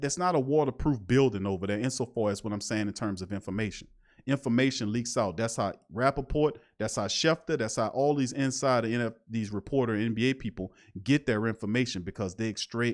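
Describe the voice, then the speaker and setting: A man hosting a sports talk show, rambling and emphatic, firing off repeated rhetorical questions in streetwise slang. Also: medium pitch. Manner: streetwise slang, laughs at his own jokes. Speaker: sports podcast host. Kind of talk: casual sports talk commentary.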